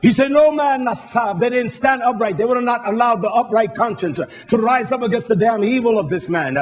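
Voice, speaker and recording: Fervent high-pitched male preacher. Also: a little fast. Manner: fervent, rising to shouts, blunt and cursing. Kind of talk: sermon.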